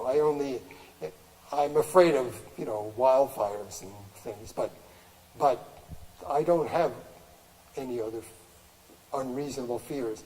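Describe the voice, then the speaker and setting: A man's voice: medium pitch, a little mellow. Older man rambling in an echoing hall. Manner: rambling, many restarts and fillers, laughs often. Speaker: artist giving a talk. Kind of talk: storytelling talk to an audience. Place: gallery.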